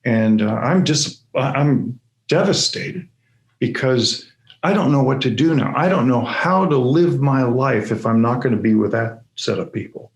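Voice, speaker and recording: Slow, gravelly man telling a story. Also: mid-range voice, lively intonation. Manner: halting, stammering restarts. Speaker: conference speaker. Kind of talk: personal storytelling talk. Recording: echoey room.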